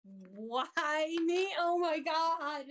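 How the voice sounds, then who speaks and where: A woman's voice: high voice, expressive, drawn-out words. A woman player in a tabletop game, blunt and exasperated, swearing often. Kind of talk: casual tabletop play.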